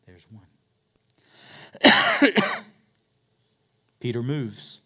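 A man preaching a sermon, retelling a story dramatically, swinging between loud emphatic peaks and hushed, quiet passages. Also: on the high side, huge pitch swings, drawn-out words, slightly rough. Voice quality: dramatic storyteller, rising to near-shouts then dropping to hushed tones. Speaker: pastor.

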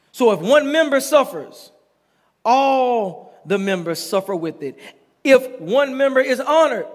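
A middle-aged man preaching a sermon as pastor, reading scripture and then telling stories with chanted, repeated lines and prompts for the congregation to answer. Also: sits high. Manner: preaching with call-and-response and chanted repetition. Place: church sanctuary. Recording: long hall reverb.

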